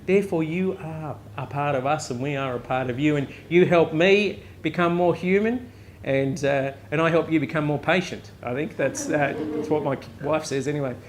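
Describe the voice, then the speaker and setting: A man with an Australian accent preaching a casual, joking sermon at a live chapel service, often tossing in a quick "right?" to the crowd. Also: a little high, slight background noise. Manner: conversational, joking, frequent "right?" asides. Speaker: pastor.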